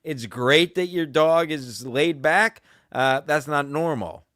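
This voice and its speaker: A man holds forth on a podcast in a loud, crude, combative way, swearing freely as he tells his story. His voice sits a little high for a man. The sound is dry and close, with no room around it. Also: slow pace, no echo. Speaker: podcast host. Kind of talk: casual ranting chat.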